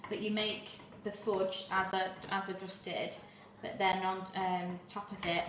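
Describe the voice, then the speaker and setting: In an echoey, noisy home kitchen, a woman hosts a live cooking demo, chatting casually as she stirs and sometimes sounding slightly out of breath. Her mid-range voice is a bit bright, with little pitch movement and a measured pace.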